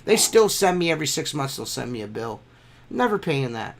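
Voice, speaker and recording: A man's voice: mid-range voice, big pitch swings, brisk, creaky, slight background noise. A man telling stories in a casual podcast chat, swearing freely and ranting about bills. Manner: profane, ranting storyteller. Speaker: podcast host.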